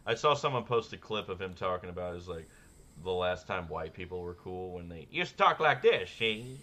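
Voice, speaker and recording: A man co-hosting a podcast in casual comedic chat, riffing sardonically on absurd dark jokes and laughing often. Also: deep voice, steady tone, fairly quick. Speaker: podcast co-host.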